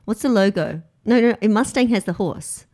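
A female morning radio co-host, playful and chatty, speaking at a middling pitch into a studio microphone. She banters lightly with her partner. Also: lively intonation, normal speed, darkish tone. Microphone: studio microphone with headphones.

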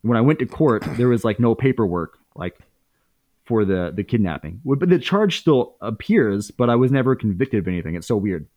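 Low-voiced man telling a rough story. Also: big pitch swings, a little fast, a little mellow, no room sound. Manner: casual, swears freely, many fillers and restarts. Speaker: guest. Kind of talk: candid storytelling in a podcast conversation.

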